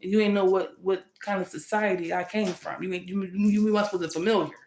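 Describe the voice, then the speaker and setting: A woman's voice: medium pitch, steady tone, fairly quick, a little mellow, slight background noise. A woman deals out a tarot reading in a fiery, confrontational rush, circling back on her points again and again. Her voice sits in an ordinary middle register. The sound carries a roomy echo. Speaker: tarot reader.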